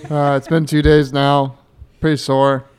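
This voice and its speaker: A man's voice: a little high, flat delivery, a little slow, crowd noise. A man co-hosting a casual podcast, dry and a bit mumbling. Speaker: podcast co-host.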